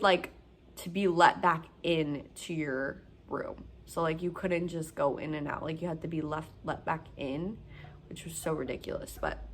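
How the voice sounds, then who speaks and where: A woman's voice: on the low side, fairly bright tone, a little hiss or hum. A young woman telling her story as a new mother, rambling with many fillers. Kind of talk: casual storytelling.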